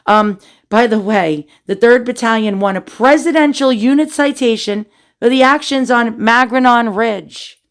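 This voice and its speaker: A woman's voice: on the high side, unhurried. A middle-aged woman hosting a family history video, reading war records aloud with chatty asides and jokes. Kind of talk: casual documentary narration.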